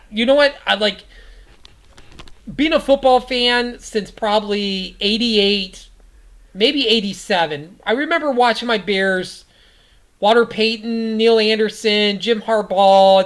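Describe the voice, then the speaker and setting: A woman's voice: medium pitch, fairly bright tone. A woman around forty, hosting a casual sports podcast and recapping football in a rambling way, full of fillers.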